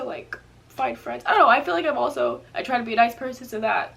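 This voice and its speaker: A woman's voice: high-pitched, fast talker, gravelly, a bit bright, breathy edge. A woman in her early twenties, talking through a casual sit-down vlog rant into her camera at home, rambling and restarting her sentences, tearful and crying at times. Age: early 20s. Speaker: vlogger.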